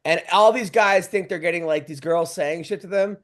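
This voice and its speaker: Male stand-up, high voice, excitable podcast storyteller. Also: moderate pace. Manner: excitable, laughs through his stories. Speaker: stand-up comedian, podcast co-host. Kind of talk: casual podcast chat.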